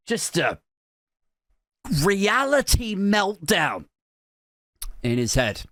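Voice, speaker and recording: Lively rambling man. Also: medium pitch, measured pace, long pauses, no room sound, studio quality. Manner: rambling, self-mocking, full of "like". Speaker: podcast host. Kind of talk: comic monologue.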